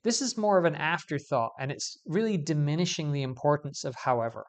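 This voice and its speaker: A man teaching English grammar in a video lesson, explaining clearly and stressing key words as he goes. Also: fairly high pitch, brisk.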